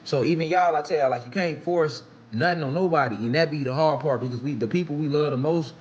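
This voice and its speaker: A man's voice: fairly high pitch, quick pace, darkish tone, highs cut off. A man speaking in a casual, earnest social media monologue, streetwise and profane.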